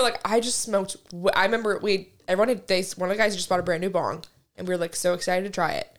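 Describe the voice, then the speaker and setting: A woman's voice: mid-range voice, fairly bright tone. A young woman co-hosting a casual podcast chat, telling stories, swearing freely and laughing often. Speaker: podcast co-host. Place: lived in a place with basements, now in Texas.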